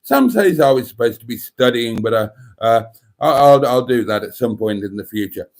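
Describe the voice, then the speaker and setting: A man's voice: medium pitch, lively intonation, normal speed, a little mellow. A man hosting a casual livestream, reading out viewer comments in a chatty, jokey way. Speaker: livestream host.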